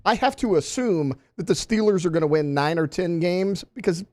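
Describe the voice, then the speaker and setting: A man co-hosting a sports radio show, laying out opinions in a steady, reasoned casual way in a studio. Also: high-pitched, moderate pace, dry recording.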